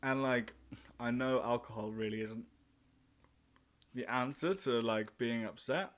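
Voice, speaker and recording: A man's voice: medium pitch, measured pace. A young man vlogging about solo travel, telling a story in a casual, chatty way, swearing freely and acting out his own remarks.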